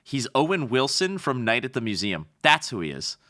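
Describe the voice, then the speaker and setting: A man from Canada trades jokes as a podcast co-host, his voice bright and lively. The pitch moves a lot, and he keeps the banter playful and animated. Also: normal speed. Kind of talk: casual chat.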